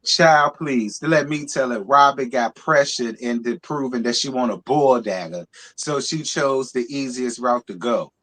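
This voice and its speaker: A co-host on a casual gossip livestream with a mid-pitched voice. The delivery is blunt and sassy, with plenty of shade thrown at the cast. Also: fairly bright tone. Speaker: co-host of a live reality TV review show.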